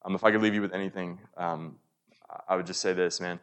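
A man's voice: low voice, steady tone, a little fast, clear, resonant tone. A young man preaching a sermon in an earnest, casual way, often checking in with the listeners and reaching for everyday comparisons. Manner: casual, earnest, frequent "right?" and "like" asides. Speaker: pastor. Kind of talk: conversational sermon.

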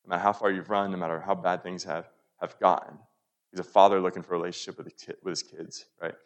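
A young man gives a sermon in a relaxed, conversational way, full of small asides and check-ins with the congregation. His voice sits a little low, and he sounds earnest and plain rather than formal. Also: fast, lo-fi sound. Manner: casual, earnest, frequent "right?" and "like" asides. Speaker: pastor.

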